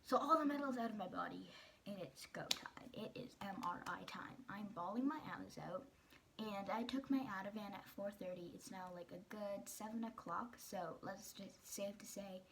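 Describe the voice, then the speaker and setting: A woman's voice: mid-range voice, normal speed, vocal fry. Teen girl vlogger, mid-range voice, chatty storytelling peppered with "like", faint hiss behind. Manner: chatty, fillers of "like", quoting people in her story. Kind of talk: casual personal storytelling.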